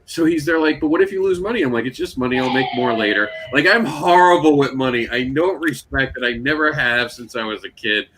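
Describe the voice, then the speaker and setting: A man hosting a casual panel chat, telling animated stories and acting out the quotes. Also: mid-range voice, fairly quick, hardly any pauses, slight background noise, low-quality recording. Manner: animated storyteller, acts out quotes. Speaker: panel host.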